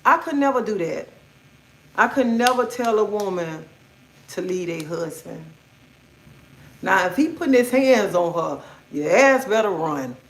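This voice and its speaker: A middle-aged woman talks straight to her livestream viewers in a blunt, outspoken rant, swearing as she goes. Her voice sits at a middle pitch. The room around her has a noticeable echo. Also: animated, a little slow, long pauses, slight background noise. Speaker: livestream host. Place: indoors at home. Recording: echoey room.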